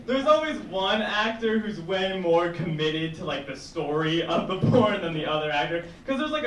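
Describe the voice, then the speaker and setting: High-voiced young man chuckling through stand-up. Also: fairly bright tone, a little hiss or hum. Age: young adult. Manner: rambling, chuckles through his own jokes. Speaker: stand-up comedian. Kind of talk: stand-up set. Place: small indoor comedy room with audience. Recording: echoey room mic from far off. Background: audience laughter.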